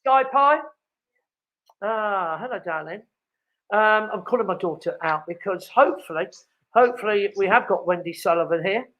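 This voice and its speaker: A man's voice: high voice, lively intonation, moderate pace, muffled recording. An older man, hosting a live show from his home and chatting at length, rambling with many fillers and restarts. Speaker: host. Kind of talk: casual live chat from home.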